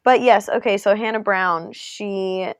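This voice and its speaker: A woman's voice: mid-range voice, measured pace, smooth, no room sound. A young woman co-hosting a podcast, telling stories animatedly in casual chat and saying "like" a lot. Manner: animated storyteller, says "like" a lot. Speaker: podcast co-host.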